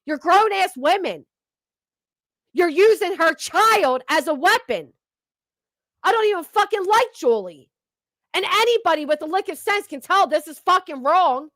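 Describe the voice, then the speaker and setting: A woman's voice: very high voice, expressive, a little slow, long pauses, a bit bright, dry recording. A woman hosting reaction commentary, cursing and ranting with sarcasm. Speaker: commentary channel host.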